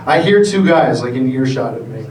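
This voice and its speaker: A man's voice: mid-range voice, expressive, a little fast, darkish tone, slight background noise. A man in his thirties doing a loose, rambling stand-up set and bantering with the crowd. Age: 30s. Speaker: stand-up comedian. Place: theater stage. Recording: roomy live theater sound from a distance. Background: audience ambience.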